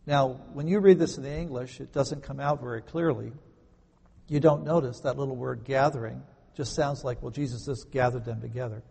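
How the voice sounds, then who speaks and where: A man delivers a sermon in a slightly raised, gravelly voice with a husky edge. His tone is warm and mellow. The words ring out in a long echo that fills the church around him. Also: a little high. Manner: earnest preaching, slows down to stress key words. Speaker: pastor. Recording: long hall reverb.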